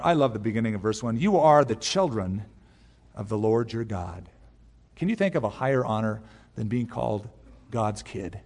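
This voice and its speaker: A man's voice: medium pitch, in a large hall. A male pastor giving a conversational verse-by-verse Bible teaching, mixing in personal stories, from a church pulpit. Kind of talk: expository sermon. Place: large church sanctuary.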